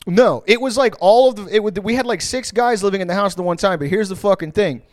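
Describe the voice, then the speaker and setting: Animated, foul-mouthed male podcast host. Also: high-pitched, quick pace, dry recording, clean studio sound. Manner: profane, animated, rambling. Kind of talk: casual storytelling.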